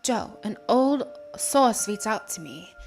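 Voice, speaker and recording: A woman's voice: mid-range voice, sing-song, slow, gravelly, soft background music, exaggerated voice. A woman voicing a reckless young woman journalist from a game, in a put-on British accent. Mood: determined.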